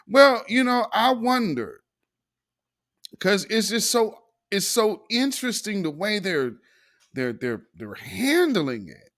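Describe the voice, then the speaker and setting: A man's voice: high voice, very animated, takes it slowly, a bit bright. A man hosting a show, commenting casually on news clips, laughing often and trailing off into asides. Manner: laughs often, trails off and restarts, riffs on his own asides. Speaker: show host.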